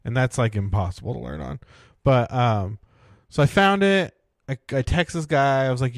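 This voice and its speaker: A man's voice: medium pitch, animated, moderate pace, vocal fry, no room sound, studio quality. A man, co-hosting a podcast and telling a long casual story packed with fillers. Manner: rambling, many "like" and "right?" fillers. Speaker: podcast co-host.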